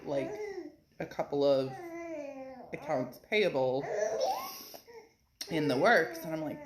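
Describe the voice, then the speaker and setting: A woman vlogging casually from her home kitchen, rambling and animated, often laughing between words. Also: deep voice, slow pace, long pauses, crowd noise. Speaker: vlogger and physical therapist. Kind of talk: casual talking-to-camera vlog. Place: home kitchen, feeding a pet. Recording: clear background noise, occasional clicks.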